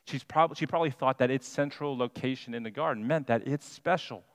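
A man preaching a sermon as pastor, deliberate and emphatic, stressing single words. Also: mid-range voice. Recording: long hall reverb.

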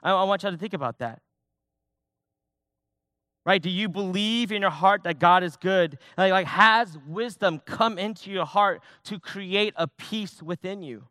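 A man's voice: high-pitched, a little slow, sharp tone, no room sound, clean studio sound. A young man, a youth pastor, preaching a sermon in a personal, conversational way, often restarting his sentences.

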